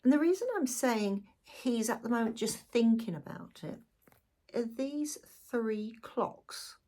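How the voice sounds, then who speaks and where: A middle-aged woman gives a chatty tarot reading to viewers. She talks warmly with asides, and her voice is croaky. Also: mid-range voice. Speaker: tarot reader.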